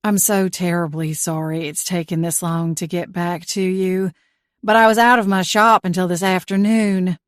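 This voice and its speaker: A woman's voice: lowish voice, steady tone, no echo, studio quality, natural voice. Woman doing a sweet Southern-drawling shopkeeper. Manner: slow, sweet, honeyed. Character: warm Southern woman in her forties, a shop owner. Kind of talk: audiobook character voice.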